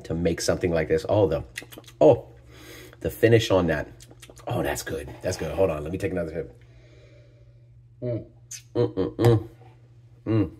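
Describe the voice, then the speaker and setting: A male vlog host with a low, raspy voice reviews tequila on camera for his channel, excitable and chatty throughout this casual spirits tasting. He exclaims over aromas, sighing often and repeating "oh my gosh."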